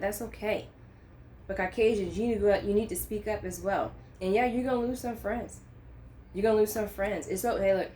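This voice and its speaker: A woman's voice: mid-range voice, a little mellow, slight background noise. A woman talking earnestly to camera about faith and current events, speaking with passion and building to emphatic peaks. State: choked up. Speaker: Christian vlogger. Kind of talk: unscripted faith talk to camera.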